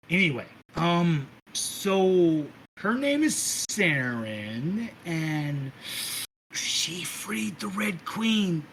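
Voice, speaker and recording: A man narrating a tabletop game as game master, in a rambling, animated way with some swearing. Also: on the high side, a little hiss or hum, low-quality recording. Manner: rambling, animated storytelling with profanity.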